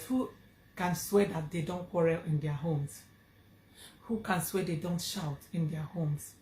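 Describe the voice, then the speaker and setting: A woman's voice: low voice, a little slow, mellow, echoey room, slight background noise. A woman with a Nigerian accent telling a personal story to her vlog audience, earnest and emphatic, repeating phrases for stress. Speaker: vlogger.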